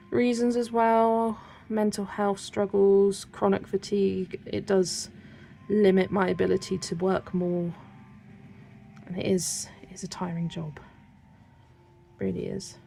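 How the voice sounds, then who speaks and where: Gravelly-voiced West Country woman chatting. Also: medium pitch, a little hiss or hum. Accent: West Country English. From Wiltshire, England. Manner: chatty, rambling, soft asides while working. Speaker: colouring livestream host. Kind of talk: casual livestream chat while colouring.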